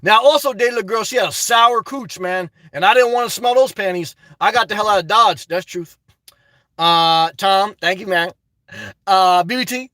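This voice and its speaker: A man live-streaming, chatting to viewers in a high-energy, effusive way as he answers their messages. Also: bright, forceful tone, no room sound. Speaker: live streamer reading chat and donations. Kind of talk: casual live-stream chat.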